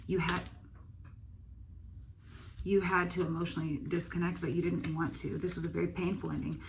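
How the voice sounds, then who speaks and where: A woman's voice: lowish voice, flat delivery, normal speed, vocal fry, slight background noise. A woman giving a casual tarot reading, thinking aloud with lots of fillers and the odd swear word. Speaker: tarot reader.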